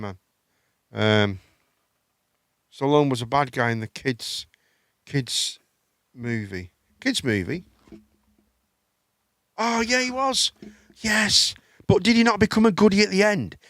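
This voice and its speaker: A man's voice: fairly high pitch, sing-song, unhurried, pauses often, a bit bright, no echo, studio quality. Rambling man with a raised voice. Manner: rambling, stammering restarts, casual swearing. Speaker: live chat show host. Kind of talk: casual rambling chat.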